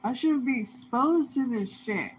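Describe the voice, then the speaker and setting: A woman ranting in a heated, profane monologue, swinging between low muttering and loud outbursts. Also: expressive, measured pace. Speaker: vlogger. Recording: dull lo-fi sound with faint noise.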